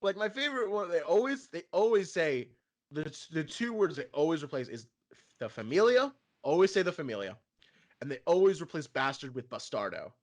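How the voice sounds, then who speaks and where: A man co-hosting a casual fan podcast, animated and profane, often laughing and putting on voices. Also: on the high side, a little fast. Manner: animated, swearing, laughing, mimicking characters. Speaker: podcast co-host.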